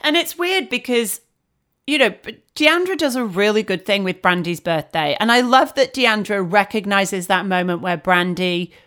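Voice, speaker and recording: A woman co-hosts a podcast in a casual recap chat, speaking bluntly and swearing often. Her voice is mid-range with a fairly bright tone, and she talks at a moderate pace.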